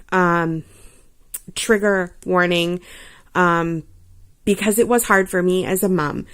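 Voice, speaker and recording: A woman in her thirties chatting casually about books she has read, rambling and giggly, with lots of fillers. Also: lowish voice. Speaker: vlogger.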